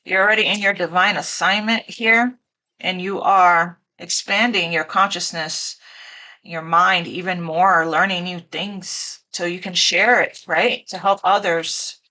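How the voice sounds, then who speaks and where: A woman's voice: fairly low pitch, steady tone, measured pace, bright, forceful tone. A woman giving a casual tarot reading, emotional and teary, gushing and repeating her phrases. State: teary, choked up. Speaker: tarot reader.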